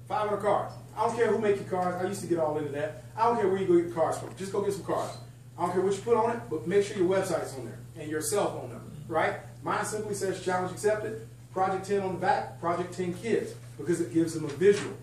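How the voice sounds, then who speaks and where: Excitable man training a roomful. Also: high voice. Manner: energetic, excitable, chatty, jokes with the audience. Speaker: sales trainer. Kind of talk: lively sales training talk to a live group. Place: function room at a country club event. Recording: echoey room, distant mic, faint hum.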